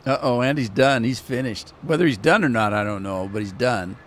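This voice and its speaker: A man streaming a farming game who chats casually, rambles into stories and chuckles at his own jokes. His voice sits at an ordinary middle pitch, with a faint hum of vehicle noise behind it. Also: fairly quick, a bit bright. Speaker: gaming live streamer. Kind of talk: casual live-stream commentary.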